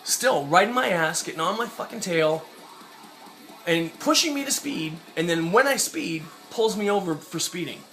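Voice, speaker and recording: A young male vlogger with a high-pitched, expressive, fairly bright voice tells an angry personal story at a moderate pace. He rants, swears a lot, and acts out the voices of the people he quotes, with faint music behind him.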